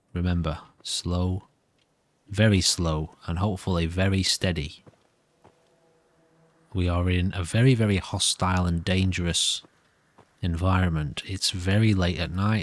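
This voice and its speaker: A man's voice: sits low, steady tone, measured pace, pauses often, dry recording. A nervous man giving rambling, self-amused commentary while playing a video game. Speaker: gameplay commentator.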